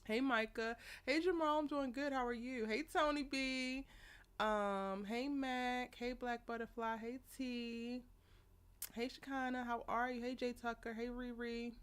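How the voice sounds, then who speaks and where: A woman's voice: fairly high pitch, steady tone, a little slow, smooth. A young woman hosting a casual live stream, chatty and laughing often as she greets viewers by name. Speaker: live show host.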